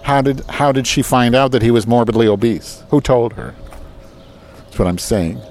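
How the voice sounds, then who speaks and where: A man's voice: mid-range voice, moderate pace, a little mellow. A man hosting a podcast in casual banter, talking in a hyper, sarcastic, teasing way from a school parking lot outdoors. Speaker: podcast host.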